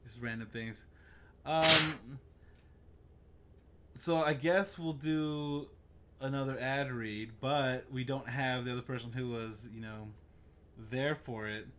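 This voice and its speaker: A man's voice: mid-range voice, takes it slowly, long pauses, background noise. A man hosting a casual podcast, joking through a mock ad read and rambling chat. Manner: jokey, rambling, mock ad reads. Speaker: podcast host. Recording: remote call, own mic.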